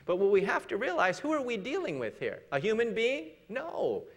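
High-voiced, earnest preacher. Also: male voice, big pitch swings. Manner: earnest, conversational, with rhetorical questions; slows for scripture readings. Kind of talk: sermon.

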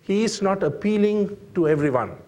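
A man preaching a sermon, slow and deliberate, with frequent fillers and emphatic rhetorical questions to the congregation. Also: sits high, lively intonation, darkish tone.

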